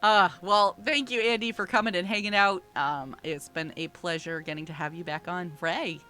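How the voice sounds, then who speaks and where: Bright-voiced laughing woman host. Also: lowish voice, steady tone, moderate pace. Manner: laughs often, upbeat. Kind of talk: casual livestream chat.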